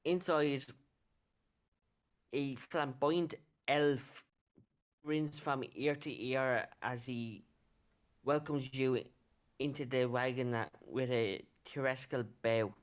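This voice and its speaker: A man runs a tabletop session as game master. He narrates at a slow, careful pace, pausing often on fillers as he describes the scene. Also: mid-range voice, fairly even intonation. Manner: unhurried narration with frequent fillers.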